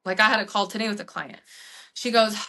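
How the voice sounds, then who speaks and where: This fitness coach and podcast host speaks quickly in a medium-pitched voice. She tells stories in an animated, chatty way, sprinkling in "like" constantly and acting out what people said.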